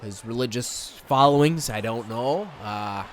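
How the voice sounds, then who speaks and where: A man's voice: mid-range voice, measured pace, slight background noise. A young man from Michigan casually commentating a wrestling video game, rambling and slipping into goofy voices. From Michigan, USA. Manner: rambling, self-interrupting, slips into goofy voices.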